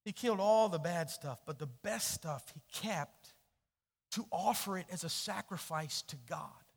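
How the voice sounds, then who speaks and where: A man preaching a sermon, telling a story and swinging from hushed, low passages to loud, emphatic questions. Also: a little slow, creaky, husky. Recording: long hall reverb.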